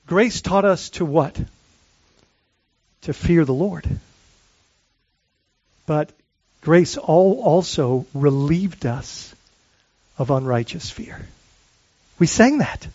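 A man's voice: a little high, animated, slow, pauses often, darkish tone, slightly rough, dry recording, highs cut off. A man preaching a sermon as pastor, earnest and searching, often restarting phrases and asking the congregation questions.

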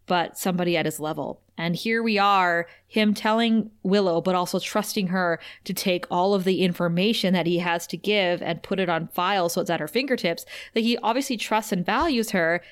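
A woman co-hosting a podcast, recapping an episode in an animated, chatty way with frequent laughter. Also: on the low side, moderate pace, hardly any pauses, clean tone. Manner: animated, chatty, laughs often, many fillers. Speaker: podcast co-host. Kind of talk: casual episode recap chat.

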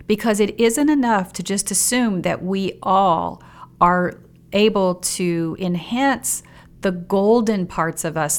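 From a home studio set up in a basement spare bedroom, a woman hosts a solo podcast about personal growth. She speaks reflectively in a mid-range voice and poses questions to the listener.

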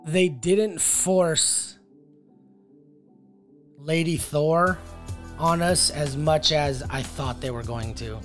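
High-voiced rambling man. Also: drawn-out words, long pauses, soft background music. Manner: rambling, full of likes and ums. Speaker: co-host reviewing a film. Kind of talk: casual chat.

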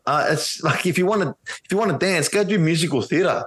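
A man's voice: a little high, expressive, fairly quick, fairly bright tone, poor audio. A man co-hosting a casual wrestling podcast, ranting bluntly and swearing constantly. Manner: blunt and heavily profane ranting. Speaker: podcast co-host. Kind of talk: casual chat, wrestling review.

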